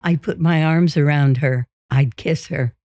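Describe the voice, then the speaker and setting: A woman reading a first-person memoir aloud in a steady, unhurried way. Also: low voice, no room sound. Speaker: audiobook reader. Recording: dull, dry.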